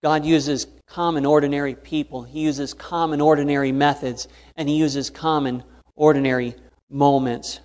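A man's voice: on the high side, level tone, moderate pace, darkish tone. A man preaching a sermon, earnest and fond of repeated emphasis. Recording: long hall reverb.

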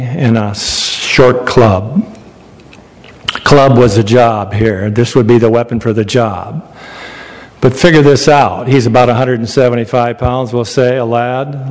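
A man's voice: mid-range voice, darkish tone, long reverb tail, poor audio. A man preaching a sermon, retelling a Bible story in a folksy, conversational way and asking his listeners questions.

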